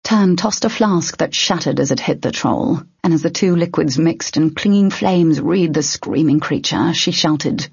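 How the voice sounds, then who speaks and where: A woman narrating an audiobook in a steady, measured way. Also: sits low, gravelly, slightly rough, no echo. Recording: dry, dull lo-fi.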